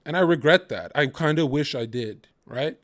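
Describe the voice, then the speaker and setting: A man's voice: a little high, expressive, moderate pace. Heated, profane young man ranting. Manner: heated, profane, acts out others' lines in quotes. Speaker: streamer. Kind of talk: ranting livestream commentary.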